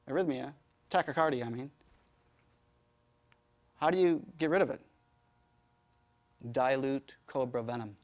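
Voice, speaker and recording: Emphatic yoga teacher with a higher voice. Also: male voice. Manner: emphatic, rhetorical, animated storytelling. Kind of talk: answering audience questions in a workshop.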